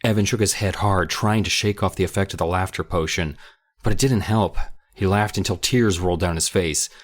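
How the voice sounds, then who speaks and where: A man's voice: deep voice, a little fast. A man co-hosting a podcast, chatting jokingly and reading a book aloud. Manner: animated, jokey. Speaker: podcast co-host.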